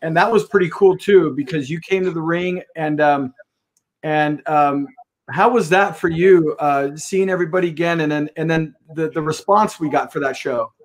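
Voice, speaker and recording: A man's voice: on the high side, normal speed. A man hosting an interview, backing up his guest and asking loosely phrased questions. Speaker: podcast host. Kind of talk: casual interview.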